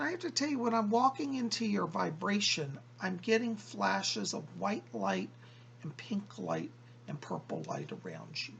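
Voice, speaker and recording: A man working as a psychic medium, relaying messages from a spirit to a viewer and repeating "he said" as he passes the words along in slow, drawn-out phrases. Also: sits high, vocal fry, fairly bright tone, a little hiss or hum. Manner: keeps quoting the spirit with "he said".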